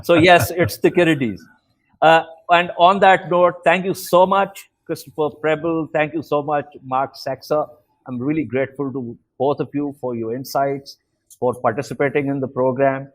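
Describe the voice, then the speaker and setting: A man hosting a current-affairs discussion, relaxed and chatty, with frequent fillers as he speaks. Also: a little high, moderate pace. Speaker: host.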